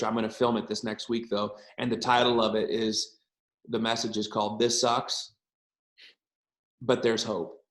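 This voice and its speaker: A middle-aged man with a medium-pitched voice speaks as a guest pastor to students, heard on a rough, reverberant recording. His casual, encouraging talk and prayer are earnest and frank, and he repeats points for emphasis.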